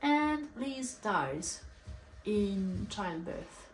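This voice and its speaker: Slow, chatty young woman in an echoey room. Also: mid-range voice, expressive. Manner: chatty, acts out quotes, filler "like". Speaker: book reviewer. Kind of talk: casual plot summary. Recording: echoey room, faint hiss.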